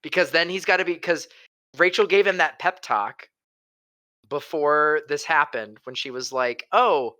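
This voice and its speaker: Brief: jokey male co-host, casual and crisp-toned. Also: fairly high pitch, moderate pace, pushed and bright. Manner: playful, jokey, slips into silly voices. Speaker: podcast co-host. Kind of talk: casual chat.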